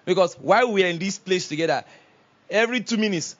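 Pastor guy preaching, high voice, gets loud, kinda dull lo-fi sound. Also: normal speed, pauses often. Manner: preaching with call-and-response, rising to loud exclamations. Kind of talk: sermon.

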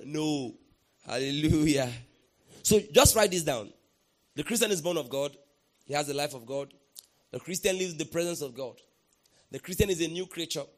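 A man preaching a sermon as pastor, emphatic, often asking the congregation to respond and bursting into shouts. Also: on the high side, animated, normal speed, pauses often.

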